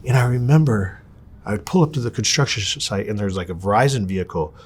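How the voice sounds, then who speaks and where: A man telling his story in a candid interview, profane and animated, acting out the people he quotes. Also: on the low side, fast, breathy edge.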